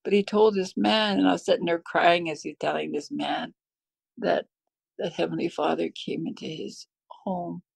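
Woman, middle-aged, from the US, heartfelt storytelling, very creaky voice, dry recording. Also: fairly low pitch, fairly even intonation, moderate pace, dry recording. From United States. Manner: heartfelt, emotional, tearful at times. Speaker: guest sharing a faith testimony. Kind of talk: personal storytelling.

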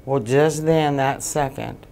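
A woman giving emotional personal testimony as an interview guest, halting and repeating phrases as she relives what happened. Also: extremely low pitch, warm tone. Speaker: guest, bereaved mother.

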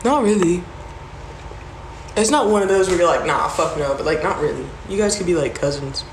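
A woman's voice: fairly low pitch, expressive, fairly quick. A woman on a phone livestream, casually telling a story, acting out the voices of the people in it and swearing freely. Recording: roomy with background noise.

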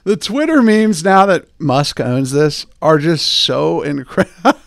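Man, podcast host, casual rambling chat, joking, very lively pitch, dry close sound. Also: slow, vocal fry, no echo. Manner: rambling, joking, filler-heavy.

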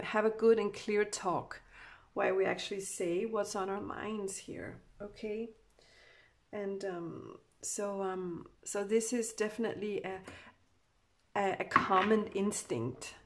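A woman giving a channeled tarot love reading. She rambles with many fillers and speaks emotively for the people she reads about. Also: mid-range voice. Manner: rambling, full of "you know" fillers; emotive, voices what the couple feel. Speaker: tarot card reader.

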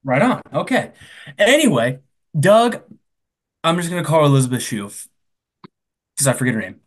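A slightly high-voiced man on a comedy podcast, retelling a film's plot in an animated, jumpy way. He slips into the characters' lines with quick asides to his co-host, his pitch swinging widely from line to line. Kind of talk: casual comedic movie recap.

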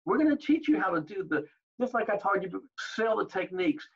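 An older man telling stories as an interview guest, animated, acting out the exchanges he recalls. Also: high voice, fast talker, slightly rough, lo-fi sound. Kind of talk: storytelling in an interview.

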